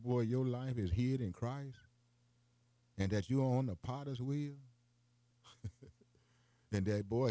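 A man's voice: dark tone, no room sound. Folksy preacher man, dry sound. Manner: folksy, repeats "boy" and "man" often; rises into high, emphatic preaching runs. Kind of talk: radio broadcast sermon.

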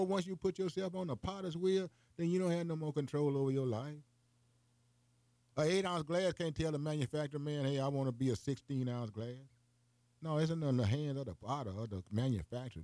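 An older man preaching a broadcast sermon in a folksy way, often calling his listeners "boy" and climbing into high, emphatic runs. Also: dark tone, no room sound.

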